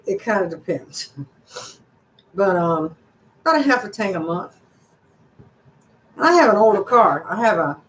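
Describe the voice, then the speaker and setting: With a mid-range voice, the older woman running the channel keeps up a folksy, meandering live-stream chat. Slight hiss or hum comes through, and the room echoes.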